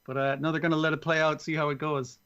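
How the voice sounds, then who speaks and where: A man's voice: on the high side, flat delivery, fast talker, fairly bright tone, smooth, dull audio. A man co-hosting a casual podcast, laid-back, laughing easily while recapping episodes. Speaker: podcast co-host.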